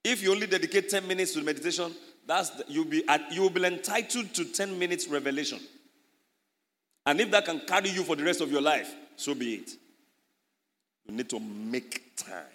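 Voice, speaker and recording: A man preaching an animated sermon as a pastor, his voice rising loud on key points. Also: on the high side, fairly quick, in a large hall.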